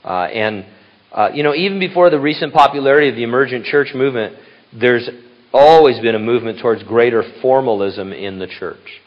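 A man's voice: medium pitch, a little fast. An older man, a grandfather and pastor, preaching in a casual, rambling way with restarts and asides. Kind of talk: conversational sermon. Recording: dull lo-fi recording.

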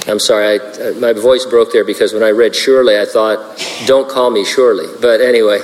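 A man's voice: lowish voice, fairly even intonation, brisk, a little hiss or hum. A man preaching as a pastor, working through scripture verse by verse. He is earnest and slips in dry jokes and asides. His voice carries a long reverb, as if in a large hall. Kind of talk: verse-by-verse sermon.

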